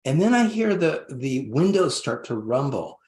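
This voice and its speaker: A man's voice: fairly high pitch, sing-song, measured pace, darkish tone. A man who is a podcast guest tells a long personal story, rambling with many restarts and acting out the voices he quotes. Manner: acts out quoted voices animatedly. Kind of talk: storytelling interview answer. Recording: roomy echo.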